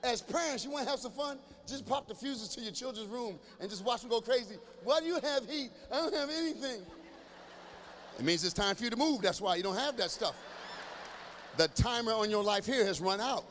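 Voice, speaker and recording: A man doing stand-up comedy with a high-pitched voice, working the crowd directly and bursting into shouts. He is middle-aged and performs live in a big church venue. The sound rings with a long echo, and there is a faint hum of ambience behind him. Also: a little fast. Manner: animated, addresses the audience directly, breaks into shouts. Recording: echoey hall with faint ambience.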